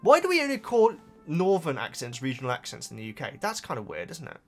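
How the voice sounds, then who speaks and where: A man's voice: fairly high pitch, huge pitch swings, quick pace, faint music behind. A young man with a slight Bristolian accent, talking casually and at length to his viewers, often breaking into laughter. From Oxfordshire, England. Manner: chatty, rambling, often laughing, addresses the viewers as guys. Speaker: book vlogger. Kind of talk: casual chat.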